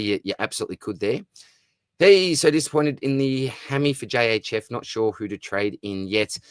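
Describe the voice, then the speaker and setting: A man's voice: on the low side, a bit bright, dry recording. A man with an Australian accent hosting a live fantasy football stream, reading viewer comments and answering them in a chummy, upbeat way. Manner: chummy and upbeat, calls viewers mate and brother. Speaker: fantasy football livestream host.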